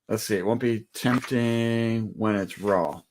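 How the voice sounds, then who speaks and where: A man co-hosting a casual ranch livestream, teasing, with quick questions and short replies. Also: lowish voice, a little hiss or hum. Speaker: co-host. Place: ranch home.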